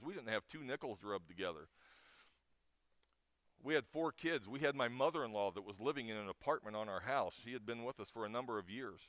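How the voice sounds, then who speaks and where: A man's voice: medium pitch, a bit bright, no echo. Emotional middle-aged man telling a story. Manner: emotional storyteller with many restarts. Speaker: chapel speaker. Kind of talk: informal chapel talk.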